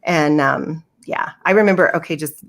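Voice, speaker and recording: A woman guest on a podcast, chatting casually as an emphatic, animated storyteller who acts out her quotes. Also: low-pitched, moderate pace. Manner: emphatic, lots of fillers and restarts. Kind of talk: casual chat.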